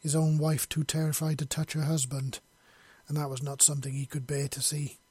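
A man's voice: a little high, flat delivery, a little fast, a little mellow, husky, dry recording. A man reading a long fantasy story aloud in an unpolished way, with slips and self-corrections. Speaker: story reader. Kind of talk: reading his own fiction aloud.

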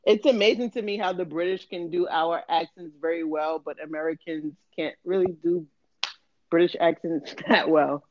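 A man's voice: fairly high pitch, fairly even intonation, normal speed, darkish tone, no echo, lo-fi sound. A man co-hosting a podcast in casual chat, teasing and laughing often. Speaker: podcast co-host.

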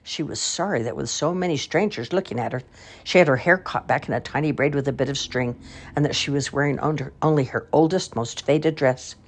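Husky grandmother reading a storybook. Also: deep voice, a little fast. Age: older. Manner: expressive. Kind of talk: reading a children's book aloud.

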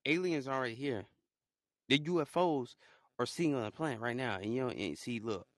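A young man talking casually in a rambling solo monologue, swinging between low mutters and loud excited outbursts. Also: a little fast, no echo, clean studio sound. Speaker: podcaster.

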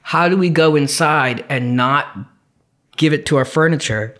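A man's voice: a little high, unhurried, fairly bright tone. Young man, podcast co-host, casual storytelling, rambling, swears freely, restarts.

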